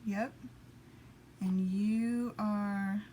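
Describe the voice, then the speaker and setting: A woman hosts a relaxed papercraft live stream from her home craft table, chatting with viewers in an easygoing way. She keeps up a running patter of quiet asides to herself as she works, in a mid-range voice. A faint hiss sits behind her. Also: medium pitch, drawn-out words. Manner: chatty, mutters asides to herself while working. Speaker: papercraft demonstrator.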